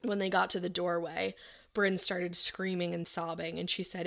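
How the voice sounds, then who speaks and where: A woman's voice: lowish voice, little pitch movement, moderate pace, gravelly, fairly bright tone. A woman co-hosting a podcast, telling a true crime story in a casual, chatty way and quoting people in her own voice. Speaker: podcast co-host telling the case.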